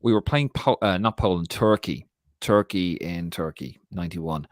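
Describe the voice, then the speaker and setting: A man's voice: sits low, normal speed, no echo, clean studio sound. A man co-hosting a casual podcast, swearing and laughing as he tells stories and reads listener questions. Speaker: podcast co-host.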